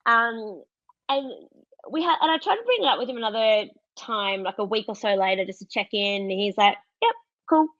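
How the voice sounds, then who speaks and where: Speaking fairly quickly with a mid-range, fairly bright voice, this Australian woman in her thirties is a podcast guest recounting a personal story. The chat is candid and casual, full of laughter and impressions of what others said. The close, dry recording has a slightly muffled, dull quality.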